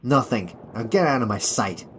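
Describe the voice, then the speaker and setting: A man's voice: mid-range voice, expressive, moderate pace, fairly bright tone, slight background noise, close to an everyday voice. A man doing an arrogant, barking army colonel. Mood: arrogant, angry.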